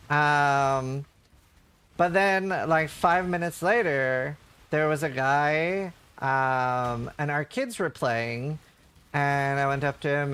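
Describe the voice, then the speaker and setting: A man's voice: mid-range voice, a bit bright. A male streamer telling stories in casual livestream chat, rambling with lots of fillers. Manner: rambling storytelling, heavy on fillers.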